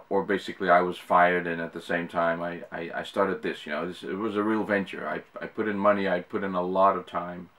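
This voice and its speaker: Here a middle-aged Dutchman who makes YouTube videos talks casually to the camera in English with an American-sounding accent, rambling and restarting with many fillers. His voice sits low and has a fairly bright tone.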